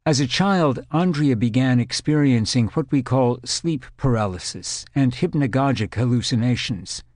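A man narrating an audiobook in a measured, clinical storytelling manner. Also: medium pitch, animated, a little mellow, no room sound, clean studio sound.

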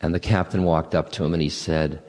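A man with a very low voice gives a spiritual talk, winding through anecdotes at an unhurried pace with halting restarts. His voice rings with a long echo, as if it were recorded in a large hall. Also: steady tone, a little mellow. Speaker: spiritual teacher.

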